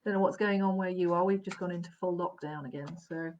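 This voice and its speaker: Warm-toned medium on a live webcam stream: lowish voice, checks in often, muffled sound. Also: female voice, fairly even intonation, quick pace, slight background noise. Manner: gentle, reassuring, keeps checking in with "all right?" and "okay?"; laughs softly between sentences. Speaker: psychic medium. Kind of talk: live online reading. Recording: dull, lo-fi live stream audio.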